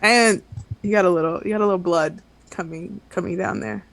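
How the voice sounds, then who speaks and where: Player as a caring adventurer, soft steady questions, mid pitch. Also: a little fast, creaky. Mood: concerned. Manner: gentle, probing questions. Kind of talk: tabletop role-play.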